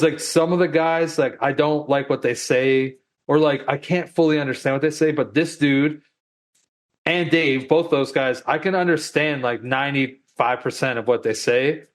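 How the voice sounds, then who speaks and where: A man co-hosting a podcast in casual chat, rambling and peppering his talk with "like" and the odd curse. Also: on the high side. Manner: rambling, heavy on "like" fillers, casual swearing. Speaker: podcast co-host.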